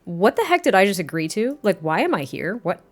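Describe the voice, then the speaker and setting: A woman's voice: mid-range voice, big pitch swings, fairly quick. Woman voicing an awkward lonely sim neighbor guy. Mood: bewildered. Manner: hesitant, awkward. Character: shy, lonely young male neighbor, overwhelmed.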